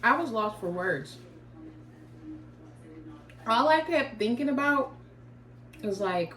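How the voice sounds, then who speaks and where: A woman's voice: a little high, animated, takes it slowly, pauses often, fairly bright tone, reverberant, far from the mic, a little hiss or hum. A woman vlogger telling a casual story while eating, in a chatty, slangy way.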